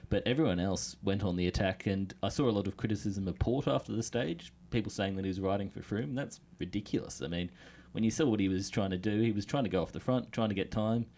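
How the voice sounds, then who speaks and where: A man's voice: fairly low pitch, quick pace, hardly any pauses, darkish tone. A man on a podcast panel firmly defending riders against criticism, confident and opinionated. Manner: firm, opinionated. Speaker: cycling pundit. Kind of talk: casual panel chat.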